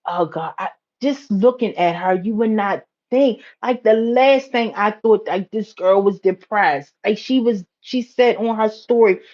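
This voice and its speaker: A woman from the United States hosting a casual livestream chat, telling a story in a chatty way, repeating phrases and going high when excited. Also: a little slow, hardly any pauses, dull audio. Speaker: livestream host.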